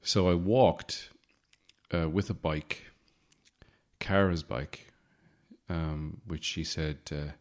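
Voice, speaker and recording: A man hosts a casual solo podcast from his home in the city. His voice sits very low, and he rambles through deadpan jokes and asides. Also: slow, pauses often. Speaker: podcast host.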